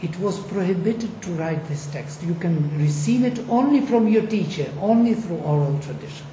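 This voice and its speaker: The mellow, mid-range voice of a Vedic recitation lecturer carries lively intonation at normal speed. On a discussion panel, the speaker explains ancient recitation emphatically and favors rhetorical questions. The recording has echo and faint noise.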